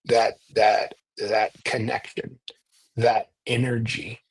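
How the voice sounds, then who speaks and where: A man with a slightly husky voice, talking through a spiritual idea as if to a friend. He keeps it animated and story-driven, tossing in "right?" to check in. The sound is close and dry, with no room around it. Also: mid-range voice, slow, dry recording, low-quality recording. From United States. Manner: animated storyteller, often ends points with "right?". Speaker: priest and retreat leader. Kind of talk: conversational teaching.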